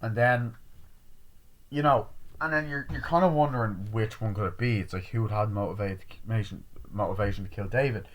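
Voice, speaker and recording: A man giving a casual, rambling movie review, swearing freely and acting out scenes in quick quoted voices. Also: fairly low pitch.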